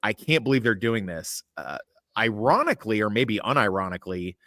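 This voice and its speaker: A man with a lowish voice hosts a loose podcast chat over a remote call. He rambles, swears a lot and gives his opinions bluntly. The sound is close and dry, with no room around it. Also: sing-song, brisk, bright, forceful tone, dry recording. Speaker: podcast host. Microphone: remote call mic.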